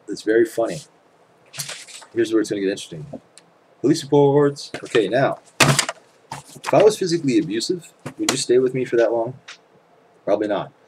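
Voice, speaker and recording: A man with a very low voice rants straight to camera, swearing freely and stacking up rhetorical questions. A faint hum sits under his speech. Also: a little mellow, poor audio. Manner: profane, emphatic storytelling with rhetorical questions. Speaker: channel host. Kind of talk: casual ranting monologue to camera. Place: at home.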